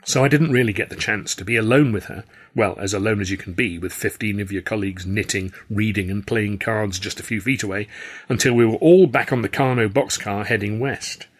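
Husky-voiced male storyteller. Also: lowish voice, fairly quick. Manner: wry, storytelling. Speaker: author and narrator. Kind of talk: audiobook narration, first person.

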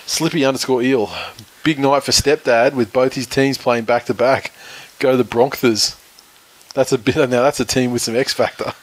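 A man's voice: mid-range voice, steady tone, moderate pace. A man in his thirties, co-hosting a casual sports podcast, rambling and swearing freely. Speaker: podcast co-host.

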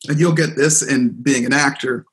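A middle-aged man, a seminar speaker and coach, telling an animated story as a guest in a podcast interview. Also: mid-range voice, moderate pace. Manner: animated storyteller, acts out quoted voices.

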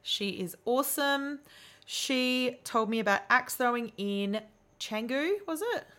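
A woman with a bright, higher voice co-hosts a casual podcast. Her pitch swings widely as she fires off teasing jokes and quick asides. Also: lively intonation. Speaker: podcast co-host. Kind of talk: casual chat.

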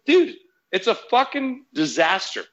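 A man's voice: high-pitched, big pitch swings, unhurried, a bit bright, highs cut off. A man in casual podcast chat, telling a story as a heated, profane rant.

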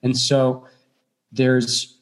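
A man talking as an actor guest in a casual podcast chat, animated, with frequent restarts and fillers. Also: medium pitch, drawn-out words. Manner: animated, many restarts and fillers, jumps into quoted voices.

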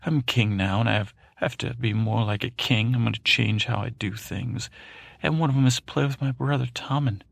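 A man's voice: mid-range voice, normal speed, gravelly, dry recording, studio quality. A man voicing a cruel teenage boy king who coaxes and wheedles with false friendliness. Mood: coaxing, sly.

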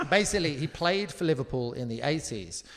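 A man from Surrey telling stories in casual chat on a live talk show, animated and swearing freely. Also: fairly high pitch, normal speed, long reverb tail, over a noisy crowd. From Surrey, England. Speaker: comedian guest.

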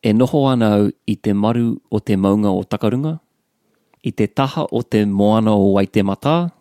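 Kiwi male co-host, lowish warm voice, quiet learner, dry recording. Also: a little fast, no echo. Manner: soft murmured acknowledgments, quiet questions. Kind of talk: relaxed podcast lesson.

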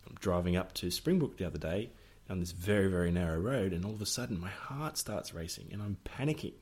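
Middle-aged Australian man, deep and husky, casual podcast storyteller. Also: animated, quick pace, a little mellow. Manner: jokey, laughs often, acts out family members' voices. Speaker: podcast co-host.

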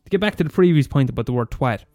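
A young Irish man ranting profanely on his podcast, talking fast and mumbling. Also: medium pitch, lively intonation, darkish tone, no room sound, studio quality, faint music behind. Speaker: podcast host. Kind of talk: casual solo rant.

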